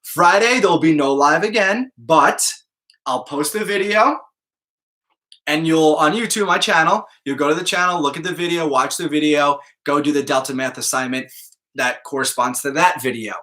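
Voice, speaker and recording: Upbeat bright-voiced male math teacher. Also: fairly high pitch, moderate pace. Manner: casual, upbeat, checks in with students often. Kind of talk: live online class talk to students.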